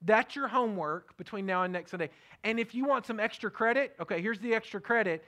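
A middle-aged man preaching a sermon, earnest and repetitive, often dropping his voice to a soft hush. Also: sits high, brisk. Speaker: pastor.

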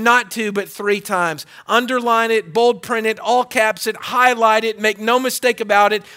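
Male preacher with a high, bright voice, delivering a sermon with builds and hushed drops. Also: smooth. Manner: preaching with repetition, rising to loud emphasis and dropping to hushed tones. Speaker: pastor.

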